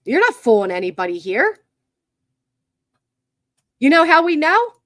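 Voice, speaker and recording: A woman's voice: high voice, sing-song, unhurried, pauses often, fairly bright tone, no echo, clean studio sound. A woman hosting a livestream commentary, mocking and exasperated, talking to her viewers and chat at a computer. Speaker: commentary channel host. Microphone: computer mic.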